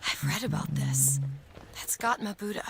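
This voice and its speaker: A well-read young companion. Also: female voice, low-pitched, animated, moderate pace, vocal fry, slight background noise. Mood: explaining.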